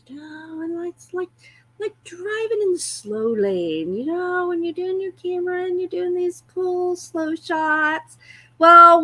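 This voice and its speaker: A woman's voice: high voice, bright, forceful tone. A woman hosting a casual livestream, chatty and often breaking into laughter. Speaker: livestream host.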